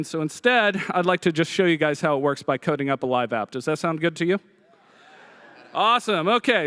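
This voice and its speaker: Jokey excitable guy from rhode island doing a live demo at a hackathon, high clear voice. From Providence, Rhode Island. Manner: joking, fast, excitable, frequent uh fillers. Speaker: company speaker giving a live demo. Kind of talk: live coding demo talk. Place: stage at a hackathon event.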